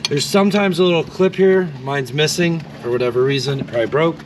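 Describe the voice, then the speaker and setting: A fast-talking, laid-back man with a fairly high voice walks through a car repair step by step, swearing casually as he goes. He's a DIY car repair host doing a casual how-to, recorded on a camera mic in a garage with clear workshop and vehicle noise behind him.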